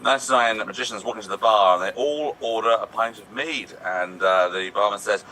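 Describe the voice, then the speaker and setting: A man in an improv game, telling pun jokes in a steady, matter-of-fact way. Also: lowish voice, brisk, few pauses, noisy background. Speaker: improv player.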